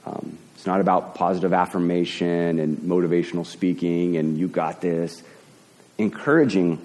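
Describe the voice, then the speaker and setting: A man preaching a sermon as pastor, talking in a halting way and often repeating words as he builds a point. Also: sits low, mellow, big-room sound.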